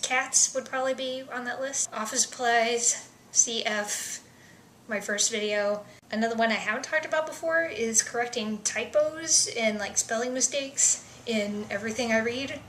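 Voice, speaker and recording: A woman's voice: fairly high pitch, moderate pace, a little hiss or hum. Chatty young woman in an echoey room. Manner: chatty, self-deprecating, drops into soft asides. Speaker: vlogger. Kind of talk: casual vlog answering survey questions.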